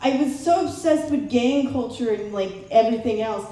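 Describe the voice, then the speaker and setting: A woman's voice: on the high side, moderate pace, dark tone. A young woman from Southern California doing a chatty, playful stand-up routine at a live show. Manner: chatty, playful, acts out family members' voices. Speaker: stand-up comedian. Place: live comedy show in a large room. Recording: very echoey room with faint background noise.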